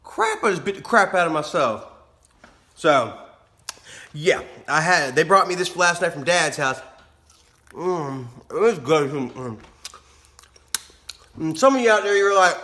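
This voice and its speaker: A man's voice: on the high side, sing-song, measured pace, pauses often, pushed and bright. A man, vlogging casually, telling rambling stories, laughing often and swearing freely. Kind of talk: casual vlog storytelling.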